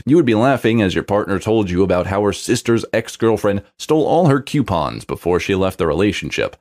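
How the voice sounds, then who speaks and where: Story narrator, man, low-pitched, expressive scripted read with animated pitch.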